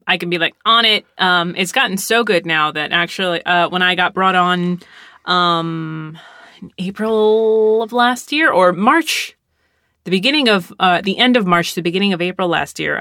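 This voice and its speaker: Bright, lively writer-guest voice, animated storytelling, dry mic. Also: mid-range voice, moderate pace, dry recording. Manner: lively storyteller, acts out quotes, laughs often. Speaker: script supervisor and writer. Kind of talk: casual podcast chat. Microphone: close studio mic.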